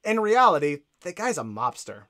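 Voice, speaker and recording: A man's voice: on the high side, very animated, moderate pace, pushed and bright. A man co-hosting a casual podcast, eager and rambling, often searching for words. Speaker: podcast co-host.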